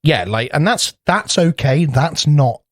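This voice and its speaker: A man's voice: fairly high pitch, animated, a little slow, no room sound, studio quality. A man co-hosting a podcast in casual chat, rambling through anecdotes, swearing freely and acting out little voices. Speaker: podcast co-host.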